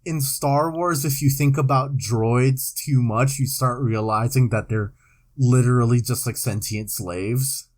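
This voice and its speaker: A young man co-hosting a podcast in casual chat, laying out absurd facts deadpan and sighing between them. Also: medium pitch. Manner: slow, lively deadpan delivery of absurd facts, sighs. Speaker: podcast co-host.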